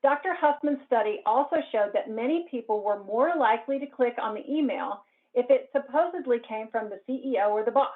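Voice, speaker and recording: A woman presenting a cybersecurity talk in a clear, explanatory way. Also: a little high, a little fast. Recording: narrow phone-like band.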